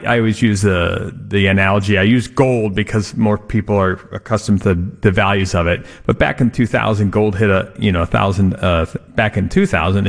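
A man sits in as a guest on a radio show. He answers questions in a halting way, restarting his sentences and agreeing readily. His voice is fairly low. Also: gravelly. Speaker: studio guest, coin and jewelry buyer. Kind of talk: radio talk. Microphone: studio microphone.

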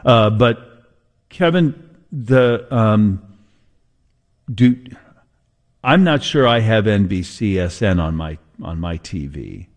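A man's voice: lowish voice, animated, slow, long pauses. A man hosting a sports talk show, rambling and thinking aloud as he chats about games. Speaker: sports radio host.

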